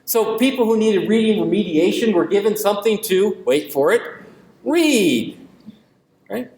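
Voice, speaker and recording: A man's voice: high voice, animated, unhurried, a little mellow. Emphatic male lecturer in an echoey hall. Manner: emphatic, rhetorical questions, ironic asides. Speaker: invited university lecturer. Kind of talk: public lecture.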